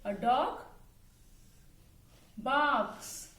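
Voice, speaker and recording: A woman's voice: high voice, expressive, drawn-out words, a bit bright. A woman teacher giving a lesson, who spells words out letter by letter and imitates the animal sounds. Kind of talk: online class lesson.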